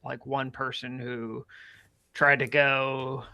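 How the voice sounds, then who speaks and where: Laid-back male co-host, gravelly fry, dry close sound, self-mocking. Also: mid-range voice, flat delivery, slow pace, bright, forceful tone, dry recording. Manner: laid-back, self-deprecating, many fillers. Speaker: podcast co-host. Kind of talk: casual chat.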